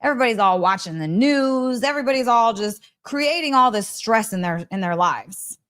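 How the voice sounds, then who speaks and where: Excitable woman podcast host, laughing often. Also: on the high side, normal speed. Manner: excitable, emphatic, laughs often, repeats phrases. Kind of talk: animated storytelling monologue.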